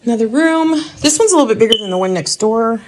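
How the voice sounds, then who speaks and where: A woman's voice: fairly high pitch, expressive, fast, noisy background. A woman casually narrating a house walk-through indoors, thinking aloud and hedging her guesses as she goes. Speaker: vlogger giving a house tour.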